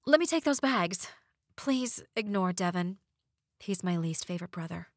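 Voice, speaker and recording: A woman voicing a young sister who snaps back at her brother in sharp, exasperated retorts. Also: lowish voice, expressive, moderate pace, no room sound, clean studio sound. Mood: flustered.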